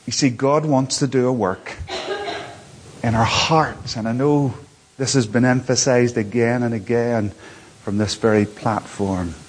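A male preacher with a somewhat husky voice delivers a sermon from a church platform. He speaks earnestly, repeats his phrases, and swings between quiet asides and raised, emphatic lines. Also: mid-range voice, fairly even intonation, measured pace, big-room sound.

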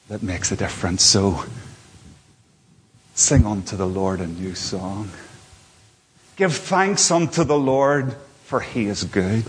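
A male preacher with a somewhat husky voice delivers a sermon from a church platform. He speaks earnestly, repeats his phrases, and swings between quiet asides and raised, emphatic lines. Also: on the low side, long reverb tail.

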